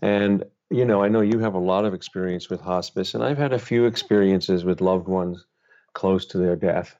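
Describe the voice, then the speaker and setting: Middle-aged guy, author guest, low mellow voice, slightly dull lo-fi audio. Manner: gentle, unhurried, thoughtful storyteller. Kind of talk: reflective storytelling interview.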